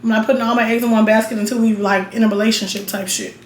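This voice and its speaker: This young vlogger races along in a steady tone, her voice a little high, as she chats straight to camera while getting ready, telling casual stories. She's blunt and profane, full of asides, and keeps checking in with the viewer, with a roomy echo and faint hiss in the background.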